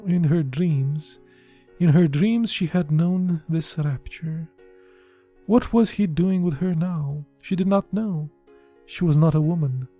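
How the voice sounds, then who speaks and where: An audiobook narrator reading a literary novel in a measured, even way. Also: mid-range voice.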